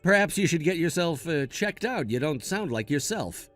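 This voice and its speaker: A man's voice: a little high, big pitch swings, normal speed, fairly bright tone, faint music behind. Man playing a glib cheating husband. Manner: glib, then pleading. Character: lying cheating husband, smooth and evasive.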